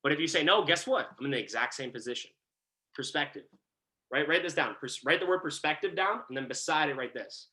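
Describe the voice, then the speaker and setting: Hype motivational coach, bright man's voice. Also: fairly high pitch, expressive, a little fast. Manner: hype, repeats lines, asks the audience to write things down; street slang, many "right?" tags. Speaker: network marketing coach. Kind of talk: motivational team training.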